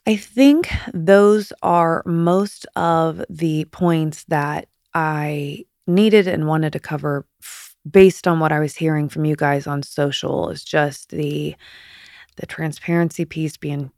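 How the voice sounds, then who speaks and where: A woman in her fifties hosting a podcast, chatty and confiding, with a slight lisp on her S sounds and soft whispered asides. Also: low voice, fairly even intonation, slow pace, no room sound, studio quality. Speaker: podcast host. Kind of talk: candid personal monologue.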